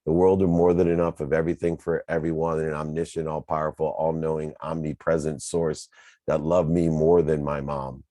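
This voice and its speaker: Man with a super deep, dark voice, earnest motivational storytelling, really dry close sound. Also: little pitch movement, moderate pace, no echo. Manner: earnest, emphatic, builds in repeated lists. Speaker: speaker sharing his personal story.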